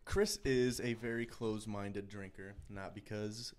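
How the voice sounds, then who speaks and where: A man's voice: fairly low pitch, steady tone, unhurried, darkish tone, slight background noise. A man co-hosting a podcast, rambling through a story in casual banter with lots of restarts. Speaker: podcast co-host.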